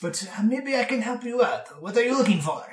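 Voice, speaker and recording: A man's voice: very high voice, lively intonation, a little fast, roomy sound, voice pushed up. A man putting on a wheezy ancient shopkeeper. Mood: grandiose. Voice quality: wheezy, dusty. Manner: haggling, cranky old shopkeeper. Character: ancient gnarled male gnome-like bookkeeper, wheezy and shrewd.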